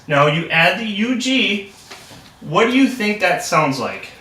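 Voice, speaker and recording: A young man acts as a reading tutor, upbeat and full of praise. His voice is high and bright. The sound is roomy and captured from a distance. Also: big pitch swings, measured pace. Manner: upbeat and encouraging, heavy praise. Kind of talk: practice lesson role-play. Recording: echoey room, distant mic.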